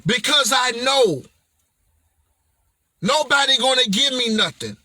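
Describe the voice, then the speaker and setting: Guy with a real high bright voice preaching hustle, slow and emphatic, slangy and playful. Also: lively intonation, no echo. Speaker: motivational speaker and self-published author. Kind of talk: motivational vlog monologue.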